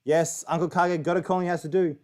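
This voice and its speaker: A man's voice: a little high, steady tone, a little fast, a little mellow. A young Australian man in a casual, profane, jokey chat, telling a story as a livestream guest.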